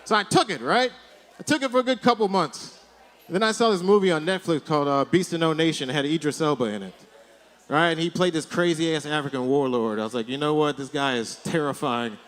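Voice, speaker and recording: A man's voice: on the high side, quick pace, fairly bright tone. A male stand-up comedian doing a rambling set on a comedy club stage, speaking into a handheld mic and checking in with "right?" again and again.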